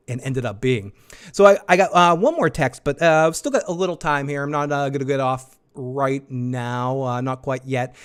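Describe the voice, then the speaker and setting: A man with an average-pitched voice hosts a live discussion right after an episode airs. He talks in an excited, rambling stream, circling back and repeating himself, with casual swearing. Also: clean tone. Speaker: show host. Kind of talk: live episode review chat.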